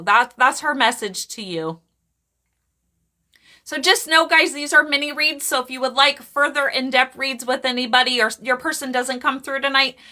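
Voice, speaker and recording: Bright high-voiced chatty woman medium. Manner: chatty and animated, laughs often, quick asides to chat. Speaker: psychic medium doing live readings. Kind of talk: live-stream casual chat with viewers.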